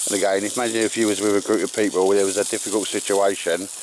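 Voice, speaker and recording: Chatty man outdoors, low voice. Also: flat delivery, quick pace. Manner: chatty, encouraging, calls everyone mate and sir. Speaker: bushcraft vlogger and host. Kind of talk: casual outdoor chat. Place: in the woods outdoors. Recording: outdoor recording with background noise.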